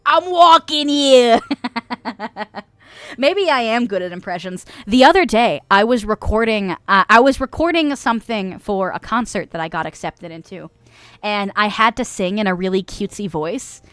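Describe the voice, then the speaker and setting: A woman's voice: mid-range voice, expressive, normal speed, fairly bright tone, smooth, no room sound. A woman from the US West Coast hosting a casual livestream, reading viewer comments aloud with frequent giggles. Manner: giggly, laughs often between lines. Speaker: livestream host.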